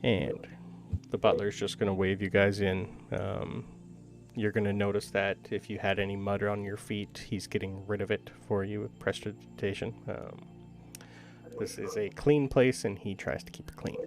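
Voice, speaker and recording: Low gravelly guy dming a tabletop game, casual, umming a lot. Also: little pitch movement, moderate pace, soft background music. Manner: casual, lots of ums, descriptive. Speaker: game master.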